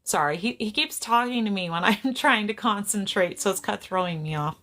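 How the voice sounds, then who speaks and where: A woman's voice: medium pitch, fairly quick, a bit bright. A woman psychic medium chatting casually on a livestream. She laughs often, keeps apologizing and gets easily sidetracked, speaking to a camera on a tripod.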